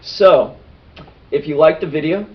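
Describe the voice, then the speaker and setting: Guy game master retelling his table's session, animated, fairly high voice, dull lo-fi sound. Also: measured pace, slight background noise. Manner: animated storytelling. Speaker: game master and podcast host. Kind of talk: casual recap of a tabletop game.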